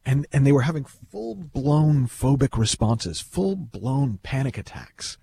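A man telling a story in a relaxed, animated way, often repeating words as he thinks aloud. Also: medium pitch, measured pace, creaky, a little hiss or hum. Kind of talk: casual storytelling talk.

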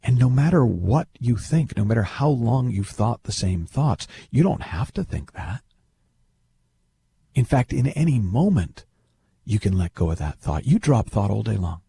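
Deep, dark-toned male speaker, with lively intonation, giving a casual talk and repeating words as he thinks. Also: a little slow, vocal fry, a little hiss or hum. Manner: animated, repeats words while thinking aloud.

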